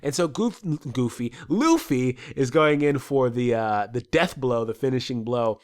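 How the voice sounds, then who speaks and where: A man's voice: mid-range voice, lively intonation, a little slow. A man with a stuffy nose giving a casual solo episode review, rambling and swearing freely.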